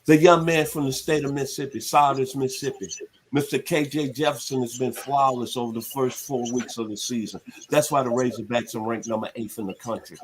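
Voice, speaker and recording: A man's voice: medium pitch, fairly even intonation, fairly quick. A man in his sixties from the Southern United States, hosting sports talk radio in a laid-back, folksy way. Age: 60s.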